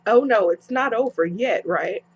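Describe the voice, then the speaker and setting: Young woman vlogging a storytime, slow and husky, kinda dull lo-fi sound, acts out everybody. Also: fairly high pitch. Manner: animated, acts out both sides with slangy asides. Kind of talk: casual storytime. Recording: dull lo-fi home recording.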